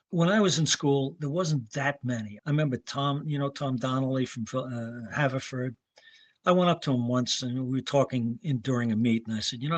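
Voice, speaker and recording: A man in his seventies from New York State, a veteran running coach telling rambling, anecdotal stories and clearing his throat now and then. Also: mid-range voice, no echo. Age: 70s. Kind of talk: casual interview talk.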